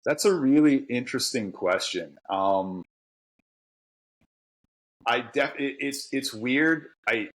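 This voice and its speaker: On a rough recording, a guest speaks slowly with long pauses in a mid-range, slightly bright, animated voice. He's a middle-aged author and tradesman from Pittsburgh with a Pittsburgh accent, candid and quick to laugh in a casual podcast chat.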